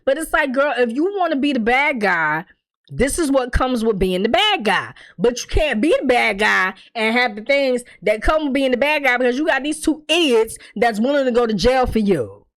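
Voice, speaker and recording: A woman hosting a casual TV recap, talking in an animated, blunt and profane way and laughing often. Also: fairly high pitch, moderate pace. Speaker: TV recap host.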